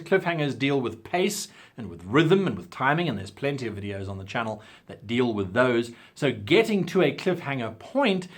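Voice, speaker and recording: A South African man hosts an advice video with precise, British-leaning pronunciation. His delivery is theatrical, leaning hard on key words, with a lively, swooping pitch. There is a slight huskiness to his voice. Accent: South African English, with crisp British-style diction. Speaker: channel host. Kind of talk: talking-head advice video.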